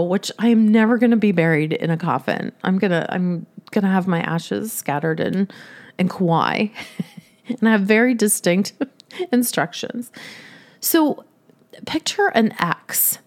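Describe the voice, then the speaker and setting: A woman spins a comic personal tale, her voice sitting at an ordinary middle pitch. She keeps laughing through her own story as she tells it, animated and expressive. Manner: animated, laughs often while telling.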